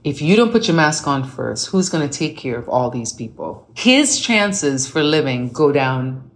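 A middle-aged woman guest in casual chat, telling animated stories and acting out the voices she quotes. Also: a bass voice, measured pace.

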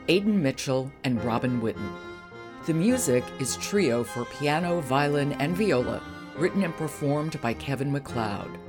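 Female podcast host reading the outro over clear background music. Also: low-pitched.

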